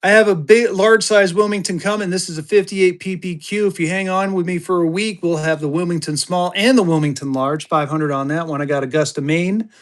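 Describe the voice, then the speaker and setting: A man from Colorado hosting a live selling stream, talking fast in an upbeat sales patter. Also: high-pitched. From Colorado, USA. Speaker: live-stream currency seller.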